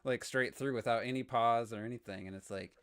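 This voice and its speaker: A man co-hosting a gaming podcast, chatting casually and telling animated stories. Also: medium pitch, brisk, smooth, dry recording, studio quality. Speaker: podcast co-host. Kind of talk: casual chat.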